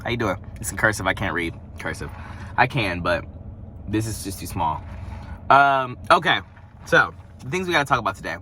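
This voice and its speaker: A young man talking casually through a fast-food review from his parked car, rambling and playful. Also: lowish voice, animated, sharp tone, slight background noise. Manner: chatty, rambling, playful asides. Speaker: vlogger.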